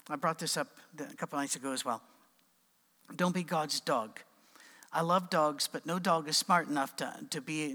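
A man preaching an informal sermon, conversational with animated asides and acted quotes. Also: fairly high pitch, long reverb tail.

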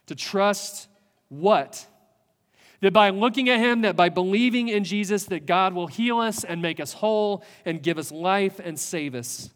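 A man preaching a sermon as a pastor, earnest, building with rhetorical questions and pauses. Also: fairly high pitch, big-room sound.

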